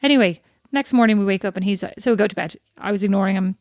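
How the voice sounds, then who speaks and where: A woman in her thirties co-hosting a podcast, talking in a chatty, animated way and telling stories with quick asides. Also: medium pitch, no room sound, clean studio sound. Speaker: podcast co-host. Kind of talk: casual chat.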